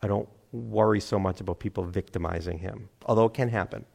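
A middle-aged man preaching a sermon, animated, acting out crowd voices and laughing at himself. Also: on the low side, fairly quick, creaky. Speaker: pastor.

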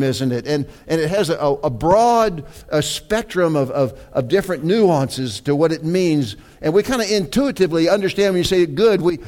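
A man preaching a sermon, talking in a conversational, halting way with many fillers and repeated words, then rising to emphatic peaks. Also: a little high, darkish tone.

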